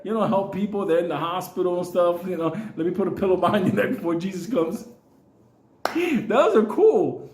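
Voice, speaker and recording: A man's voice: high voice, a little mellow. A middle-aged man hosting his own channel, telling rambling, profanity-heavy personal stories and often laughing. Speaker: channel host. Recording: echoey room.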